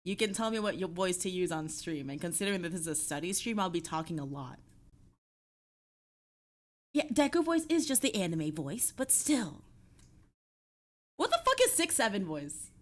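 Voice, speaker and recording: A woman's voice: fairly low pitch, expressive, normal speed. A young woman streaming, chatting casually with her viewers, swearing offhand and laughing often.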